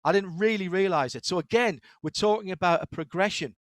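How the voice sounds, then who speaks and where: A middle-aged man with a Northeast English accent, chatting in an interview as a guest, telling stories quickly with frequent restarts. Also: sits high, no echo. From Northeast England. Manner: fast-talking, animated storyteller with frequent restarts. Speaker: guest, motorsport commentator. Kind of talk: casual interview conversation.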